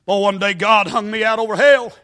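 Southern preacher guy, high raspy voice, folksy then hollering, bright sharp tone. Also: fairly even intonation, a little fast. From North Carolina. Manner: folksy storytelling, breaking into shouted preaching. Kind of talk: sermon.

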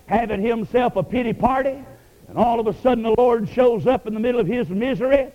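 A man preaching a sermon, swinging from ringing emphasis down to a near hush on key words. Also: very high-pitched, fairly quick. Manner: rises and falls sharply, dropping to a hush on key words. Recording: dull lo-fi radio broadcast.

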